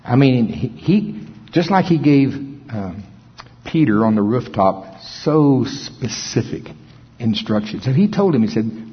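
A middle-aged male pastor preaching a sermon, folksy and storytelling, with chuckles and hushed dramatic pauses. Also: mid-range voice, big pitch swings, slightly rough. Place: large auditorium. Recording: dull, long-reverb hall sound.

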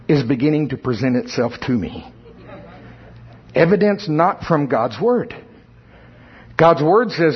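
A man preaching, telling his own testimony in a humorous, animated storytelling way. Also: fairly high pitch, breathy edge, dull audio. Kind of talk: sermon testimony.

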